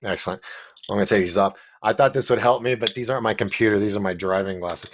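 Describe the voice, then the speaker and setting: A man's voice: on the low side, fast, a little hiss or hum. Easygoing male talk show host. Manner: easygoing, brief responses. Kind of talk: casual interview chat.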